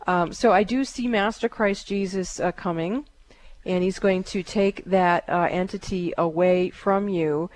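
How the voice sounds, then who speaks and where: A woman hosting a call-in psychic radio show, giving calm, halting readings with many fillers. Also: lowish voice, no echo.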